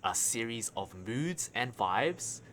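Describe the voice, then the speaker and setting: A man hosting a podcast, teasing his guest in slangy casual chat and filling in with quick backchannels. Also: mid-range voice, sing-song, fairly bright tone. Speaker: podcast host.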